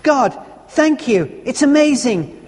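A man's voice: high voice, big pitch swings, normal speed. Preacher voicing a tearful guilt-ridden man. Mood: tearful praying. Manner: earnest, pleading, raised voice. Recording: long church reverb.

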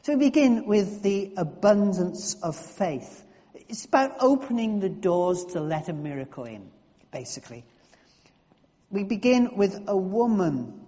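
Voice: medium pitch, dark tone, in a large hall. A preacher giving a conversational sermon, often restarting and repeating words.

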